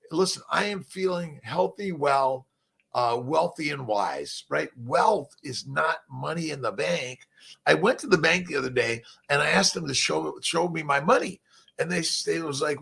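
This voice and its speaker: Gravelly husky older man preaching. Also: on the high side. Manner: folksy, preachy, swears freely, many fillers. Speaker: fertility doctor hosting a morning motivational talk. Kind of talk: rambling motivational talk.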